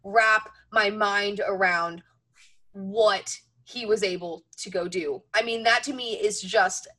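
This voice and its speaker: A woman's voice: medium pitch, takes it slowly, sharp tone. A woman in her twenties co-hosting a racing talk show, chatty and self-mocking, with frequent restarts. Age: 20s. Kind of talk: casual sports chat.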